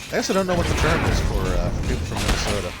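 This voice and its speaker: A man's voice: on the low side, racing. A man streaming a video game, rambling and thinking aloud as he chats with his viewers. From Canada. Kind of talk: casual gameplay commentary. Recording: loud steady background noise.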